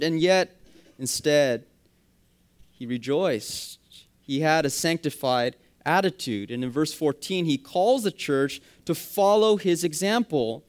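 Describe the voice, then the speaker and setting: A man preaching a sermon, with emphatic rising phrases that drop quietly at the ends of points. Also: fairly high pitch, expressive, unhurried. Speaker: pastor.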